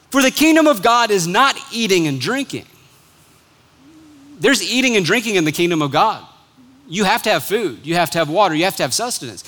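A man preaching a sermon, stretching key words slowly and dropping to a soft, low close at the end of phrases. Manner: emphatic, drawn-out phrases with sudden soft drops.

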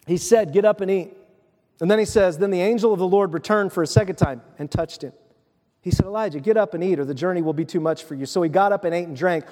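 Male pastor, high voice, animated storyteller, long hall reverb. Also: quick pace. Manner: animated storytelling, acts out voices, drops to a soft hush. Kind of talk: sermon.

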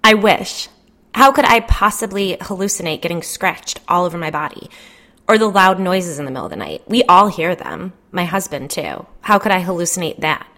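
A woman's voice: fairly low pitch, big pitch swings, moderate pace, pushed and bright. Jen, a woman playing a frazzled, gossipy suburban mom. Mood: stressed. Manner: agitated, complaining, swears, fillers like "like". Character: stressed, gossipy suburban mother, adult woman.

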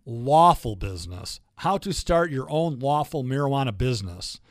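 A man hosting a legal talk show, chatting casually in a rambling, animated way with frequent restarts. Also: medium pitch, normal speed, dry recording, clean studio sound. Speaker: radio show host and lawyer. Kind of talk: casual talk-radio chat.

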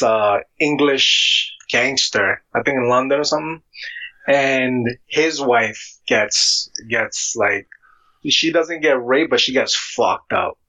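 Man, relaxed slangy casual chat, middle pitch, muffled lo-fi recording. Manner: laid-back slangy talk. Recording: dull lo-fi sound.

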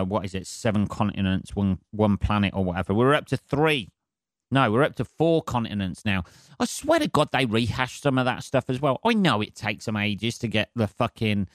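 A man's voice: lowish voice, no room sound, clean studio sound. A middle-aged man, rambling sweary and meandering through a solo podcast while lightheaded and dozy on painkillers. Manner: sweary, meandering, self-interrupting. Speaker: podcast host.

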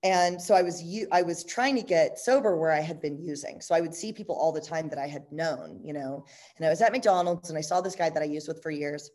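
A woman candidly telling a personal story in a blunt, profane, animated way, full of "like" and "you know," and quick to laugh. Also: low voice.

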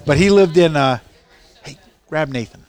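A man's voice: on the high side, normal speed, crowd noise. A man co-hosting, trading dry quips in casual chat.

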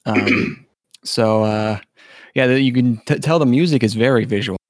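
A man's voice: medium pitch, normal speed, no room sound, studio quality. A man co-hosting a casual anime discussion podcast, laid-back, swearing casually and trailing off with fillers. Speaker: podcast co-host.

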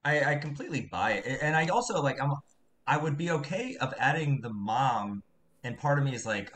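A man's voice: mid-range voice, lively intonation, brisk, fairly bright tone. A man co-hosting a movie podcast, musing in casual chat with rambling asides. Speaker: podcast co-host.

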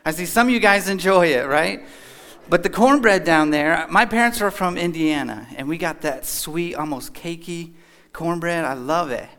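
Folksy kentucky guy joking around at church, bit higher voice. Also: normal speed, a bit bright. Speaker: guest speaker. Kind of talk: casual church talk with jokes. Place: church hall.

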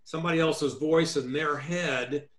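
A man's voice: a little high, fairly even intonation, unhurried, a bit bright, echoey room. A man giving real estate negotiation advice as a guest in an interview, emphatic and instructive, laying points out like a list. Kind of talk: remote interview.

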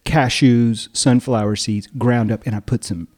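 Mellow-voiced male podcast co-host. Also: mid-range voice, steady tone, a little slow. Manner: playful, laughs often, jokey asides. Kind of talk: casual chat.

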